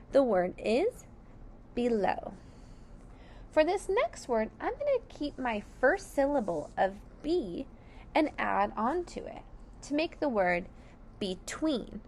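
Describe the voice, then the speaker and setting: A woman teaching phonics to young children, sounding out each word slowly and clearly, syllable by syllable. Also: high-pitched. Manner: slow and over-enunciated, sounding out syllables. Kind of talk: slow, deliberate phonics lesson for children.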